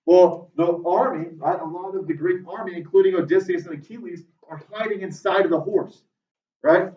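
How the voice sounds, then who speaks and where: Brief: male English teacher, a bit high-voiced, lecturing a class and peppering every line with "right?", heard from across a roomy classroom. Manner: tags most sentences with "right?"; lively, talks straight to students. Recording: roomy, dull classroom audio from far off.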